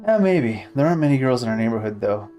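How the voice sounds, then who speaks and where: A man's voice: medium pitch, animated, fast, dark tone, faint music behind, close to an everyday voice. A man voicing an earnest young boy in a game, reading his lines in a plaintive way. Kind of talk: reading game dialogue aloud.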